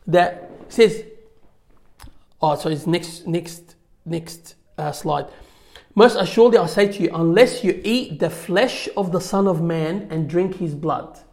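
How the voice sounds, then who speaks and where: Guy teaching a church class off slides, kinda high voice, reads verses then riffs on them loosely. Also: creaky, a little mellow. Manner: conversational, many fillers, reads scripture aloud. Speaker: religious teacher. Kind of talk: informal slide lecture on scripture.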